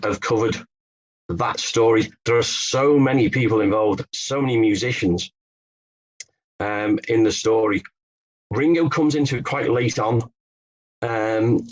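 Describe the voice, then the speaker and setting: Husky-voiced man, muffled audio. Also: fairly low pitch. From England. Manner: storytelling, explanatory, with fillers and restarts. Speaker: author and Beatles expert guest. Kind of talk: podcast interview answers.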